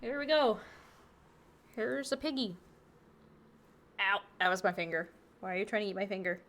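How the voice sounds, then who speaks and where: A woman's voice: fairly high pitch, animated, moderate pace. A woman chatting casually on a live game stream through a wireless headset, bubbly and talkative, cooing now and then at her pet.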